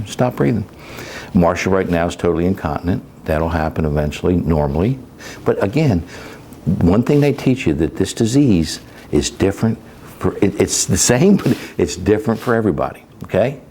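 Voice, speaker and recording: A man's voice: deep voice, darkish tone. A middle-aged man, a caregiver, talks plainly in an interview, rambling with many fillers and restarts as he tells stories. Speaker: caregiver and sales coach. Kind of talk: candid interview storytelling. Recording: faint background noise.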